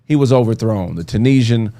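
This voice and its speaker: Gravelly man hosting a casual podcast. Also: lowish voice, fairly quick, mellow. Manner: loose and joking, reads out facts. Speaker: podcast host. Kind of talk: casual chat.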